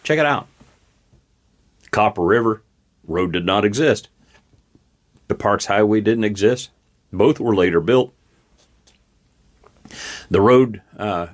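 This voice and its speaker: A man hosting his own talk show, speaking in a somewhat low voice. He delivers opinionated commentary in a folksy, plain-spoken way, recorded through a camera mic at his desk. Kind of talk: casual political commentary. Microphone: webcam on desk.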